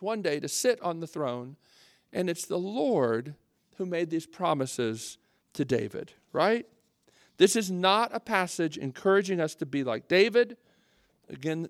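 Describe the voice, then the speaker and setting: A man's voice: sits high, no room sound, clean studio sound. A man preaching a sermon in a conversational, earnest way, often restarting phrases and adding asides.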